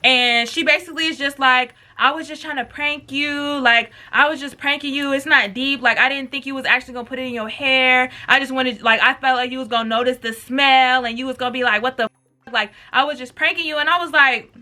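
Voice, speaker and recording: A woman's voice: high voice, a little fast. A young woman vlogger telling a storytime tale in a casual, profane, slangy way, acting out what people said. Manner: animated, profane, slangy storytelling with acted quotes. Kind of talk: storytime with mukbang.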